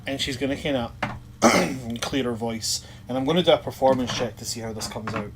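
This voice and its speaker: A man's voice: mid-range voice, brisk. A man playing a tabletop game, chatting casually with rambling, self-mocking asides. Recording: steady background hum.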